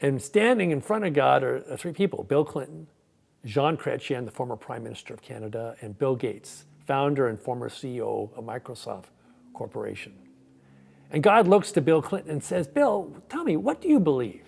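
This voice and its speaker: Male pastor, gravelly and conversational, warm sermon delivery. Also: mid-range voice, animated, moderate pace. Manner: conversational, repeats words when starting sentences. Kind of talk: sermon with a joke.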